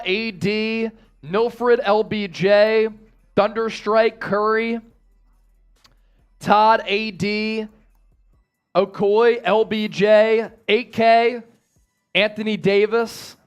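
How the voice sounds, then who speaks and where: High-voiced energetic man hosting a watch party. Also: drawn-out words, pauses often, clear, resonant tone, soft background music. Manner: energetic, reads chat shout-outs, chants. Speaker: host of a live sports watch party. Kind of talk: casual live-stream chat and game analysis.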